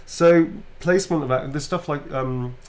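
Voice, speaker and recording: A man's voice: on the high side, normal speed. A British man, a voice actor, chatting casually on a livestream about voices and accents while signing autographs. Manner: relaxed, demonstrates voices, swears casually.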